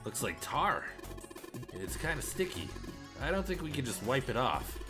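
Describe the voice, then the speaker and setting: Male streamer, animated delivery, low-ish pitch, clear game music underneath, chatty. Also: normal speed. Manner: chatty, laughs often, talks to chat. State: coughing and clearing throat. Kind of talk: live game playthrough, reading dialogue aloud. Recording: game music playing behind.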